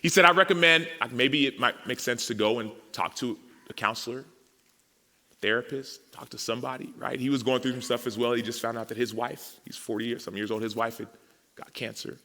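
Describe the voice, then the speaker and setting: A man's voice: mid-range voice, brisk. A man, giving a personal testimony at a men's gathering and acting out the conversations he recounts. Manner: storytelling, acts out dialogue, grows emotional and animated. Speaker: speaker at a men's summit. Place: large hall with audience. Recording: reverberant hall.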